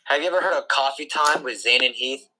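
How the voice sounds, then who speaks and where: Bright-voiced goofy young guy. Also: medium pitch, fast talker, low-quality recording. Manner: goofy, swears a lot, slips into silly voices. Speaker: podcast co-host. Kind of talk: casual chat.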